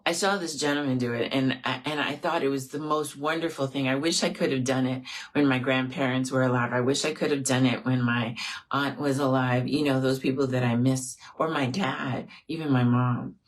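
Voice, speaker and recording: A woman's voice: a bass voice, fairly even intonation, normal speed. A woman in her forties hosting an affirmations talk, earnest and reflective and close to tears as she grieves, often checking in with "right?". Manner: earnest, reflective, speaks to viewers directly, often adds "right?". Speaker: host of an affirmations show. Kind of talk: heartfelt off-the-cuff talk.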